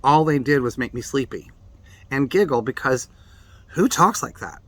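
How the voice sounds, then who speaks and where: A man's voice: medium pitch, lively intonation, normal speed, dry recording. A middle-aged man giving a blunt, emphatic talk on meditation as a Buddhist teacher. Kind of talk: direct-to-camera daily reflection talk.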